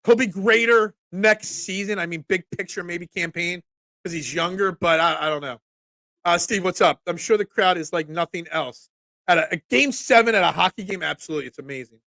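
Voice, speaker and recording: A congested man in his forties hosts a casual sports talk stream, his high, bright voice cracking now and then. He rambles loosely as he answers chat comments, on a dry, close mic. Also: a little fast, no room sound. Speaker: sports talk show host.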